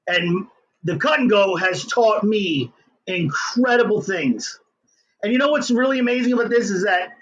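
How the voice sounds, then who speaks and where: A middle-aged man, an inventor telling his story as an interview guest in an excitable, hyper way. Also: sits high, dull audio.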